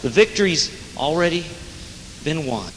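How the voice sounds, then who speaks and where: A man's voice: on the high side, sing-song, a little slow, loud music behind the voice. A man preaching an earnest, plain-spoken sermon with rising emphasis, as a jail minister. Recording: hall reverb with faint noise.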